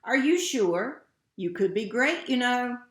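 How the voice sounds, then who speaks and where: A woman voicing a talking magic hat, old, musing and sly, murmuring slowly and ponderously in a roomy echo. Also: fairly high pitch, animated, voice pushed up.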